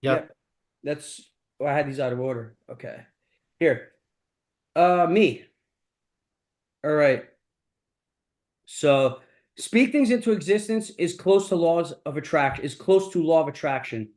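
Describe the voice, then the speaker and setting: A man's voice: on the high side, lively intonation, measured pace, pauses often, darkish tone. A middle-aged man hosting a mastermind, giving a blunt, profane motivational talk that keeps returning to the same catchphrases. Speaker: mastermind host.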